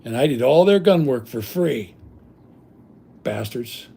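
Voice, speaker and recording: A man's voice: mid-range voice, lively intonation, takes it slowly, gravelly, mellow, slightly rough. An older man hosting a livestream, telling rambling stories in a blunt, casual way with salty language. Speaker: livestream host.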